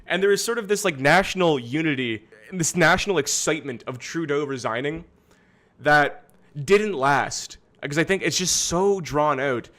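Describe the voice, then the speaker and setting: A man's voice: fairly high pitch, moderate pace, fairly bright tone. A man hosting a livestream from his studio, talking in a rambling, exasperated way with plenty of swearing. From Canada. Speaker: streamer host. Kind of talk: casual livestream commentary.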